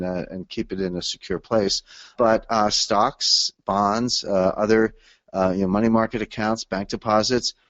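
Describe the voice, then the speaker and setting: A low-pitched man explains at length in a measured webinar style, pausing often on "uh". His voice comes through dull, lo-fi call audio with a dry, close sound. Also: a bit bright, dry recording. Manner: measured, explanatory, with frequent "uh" fillers. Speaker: author guest on webinar. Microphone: call or webinar audio line.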